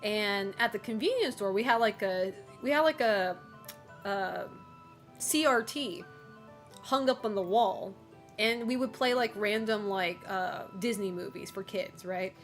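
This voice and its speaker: A woman's voice: mid-range voice, unhurried, soft background music. A woman streamer chatting casually with her viewers, rambling with lots of fillers and giggling often.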